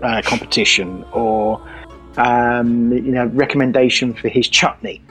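A man's voice: medium pitch, fairly even intonation, a bit bright, faint music behind, poor audio. Hesitant man describing his character. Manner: halting, full of fillers. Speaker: player. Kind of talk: describing a character in a tabletop game.

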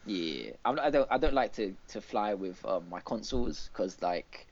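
A man's voice: lowish voice, animated, moderate pace. A man co-hosting a podcast, chatting in a rambling, laughing, unsure way. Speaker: podcast co-host. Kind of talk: casual chat. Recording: dull lo-fi podcast audio.

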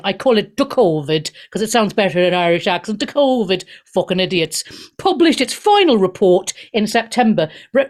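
Sarcastic, foul-mouthed radio host woman. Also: a little high. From Wales. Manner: sarcastic, profane, animated. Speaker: radio talk show host. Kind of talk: talk radio monologue.

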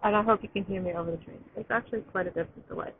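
A tired, allergy-stricken woman hosting a poetry podcast live, chatting in a rambling, excited way while sitting outdoors. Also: medium pitch, racing. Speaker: podcast host reading poetry. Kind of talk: casual live-stream chat. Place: outdoors, train in the distance. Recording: tinny phone-like sound, faint outdoor noise.

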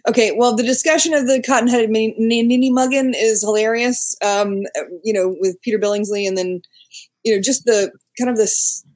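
A woman with a somewhat high voice who talks with enthusiasm and breaks into laughter. She speaks casually as a podcast guest. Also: fairly even intonation, a little fast, a little mellow.

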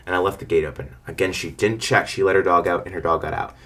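A young man with a low voice talks fast and rambles as he tells stories from his lawn care business. He gives frank advice in a loose, casual way. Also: fairly even intonation, fairly bright tone.

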